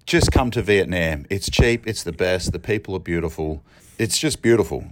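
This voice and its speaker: Rambling, excitable young man. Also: deep voice, moderate pace, noisy background. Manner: rambling, excitable, laughs often. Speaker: podcast co-host calling in. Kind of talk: casual chat. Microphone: phone.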